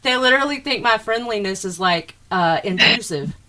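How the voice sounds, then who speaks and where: A woman's voice: medium pitch, expressive, moderate pace, bright, forceful tone, slight background noise. A woman with a Southern US accent, co-hosting an interview in a chatty way, swearing freely and drawing her words out. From American South. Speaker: co-host. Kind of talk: casual chat.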